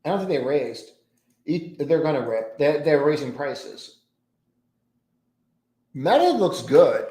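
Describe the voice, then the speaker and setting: A man's voice: a little high, big pitch swings, slow pace, pauses often, mellow. A man hosting a live pre-market trading stream, rambling through his thoughts and trailing off into mumbles at his desk. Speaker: trading livestream host. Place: home trading desk with many monitors. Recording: roomy echo.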